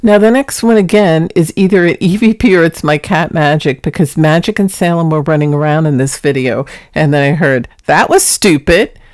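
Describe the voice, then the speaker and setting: Woman host, lowish voice, dry close sound, chatty and earnest when setting up clips. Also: moderate pace, hardly any pauses, a little mellow, dry recording. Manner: chatty, earnest, explains each clip before playing it. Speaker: paranormal vlog host. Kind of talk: casual vlog narration introducing clips.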